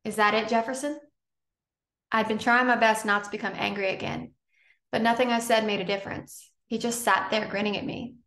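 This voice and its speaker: A woman narrating an audiobook in a measured, unhurried reading. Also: mid-range voice, steady tone, fairly bright tone. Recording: roomy echo.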